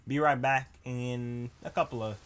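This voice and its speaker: A man's voice: medium pitch, fairly even intonation, moderate pace, a bit bright, smooth. A man casually commentating his own gameplay, loose and chatty with laughs and sudden outbursts. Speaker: gaming YouTuber.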